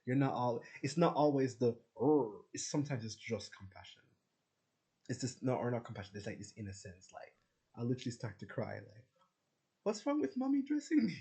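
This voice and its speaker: A man's voice: medium pitch, fairly quick, mellow, poor audio. A man venting to his viewers in a rambling, profane personal rant, full of restarts. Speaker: vlogger.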